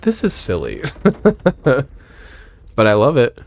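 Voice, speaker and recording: A man commenting on a video game as he plays, joking and reading lines aloud, with loud exclamations and low mutters. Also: takes it slowly, vocal fry, a little hiss or hum. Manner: lively, jokey, swings between loud exclamations and low mutters. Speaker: gameplay streamer.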